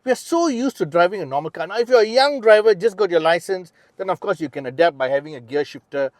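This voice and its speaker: A middle-aged man with a Malaysian English accent and a fairly high voice, talking through a car review with chatty enthusiasm. He fills his talk with fillers and restarts as he points things out from the driver's seat. The sound is dry and close. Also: animated, fast, no echo. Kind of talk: casual test-drive review. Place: inside a car.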